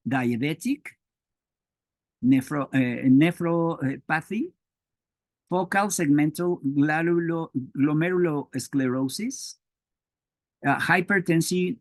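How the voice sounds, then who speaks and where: A man from Mexico whose first language is Spanish, giving an academic lecture on biochemistry in a halting way with many fillers and restarts. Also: fairly high pitch, dry recording.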